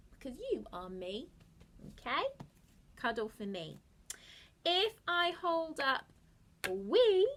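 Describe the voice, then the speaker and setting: Slow, sing-song woman teacher. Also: sits high. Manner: slow, sing-song and encouraging, with sudden soft asides. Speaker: early-years teacher. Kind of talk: phonics lesson for young children.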